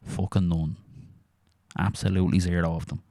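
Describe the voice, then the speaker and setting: An Irish man chatting casually on a podcast, sweary and animated as he tells stories. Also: deep voice, normal speed, creaky, no echo, clean studio sound. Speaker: podcast co-host. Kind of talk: casual chat.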